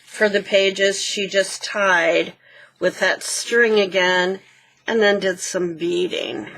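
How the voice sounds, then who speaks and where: Slow, unhurried woman showing crafts. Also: mid-range voice, fairly even intonation. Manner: slow, gentle, pausing to point out details. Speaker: craft channel host. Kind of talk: casual show-and-tell walkthrough.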